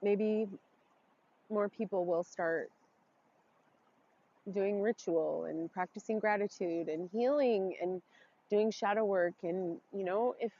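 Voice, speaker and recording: A woman speaking a heartfelt, halting blessing and reflection outdoors, emotional and close to tears. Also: medium pitch, dark tone, dull audio. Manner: heartfelt, tearful, halting with pauses. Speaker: vlogger doing an outdoor ritual. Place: forest, outdoors.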